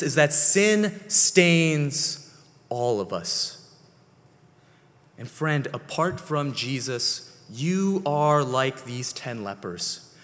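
A man preaching a sermon as pastor, slow and deliberate, his phrases sinking soft at the ends. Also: a little high. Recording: long hall reverb.

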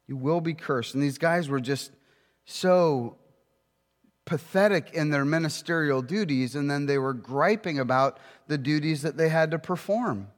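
A man preaching a sermon, emphatic, with rhetorical questions and slowing down to read scripture. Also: on the high side, in a large hall.

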